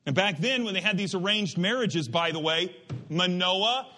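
Pastor guy preaching, bright ringing voice, a bit high, goes off on tangents, lots of restarts. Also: normal speed, a little hiss or hum. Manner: animated, digressive, emphatic with many restarts. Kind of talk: sermon.

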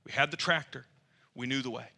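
A man preaching through a lively, self-mocking personal story. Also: mid-range voice, brisk, gravelly. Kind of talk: storytelling sermon.

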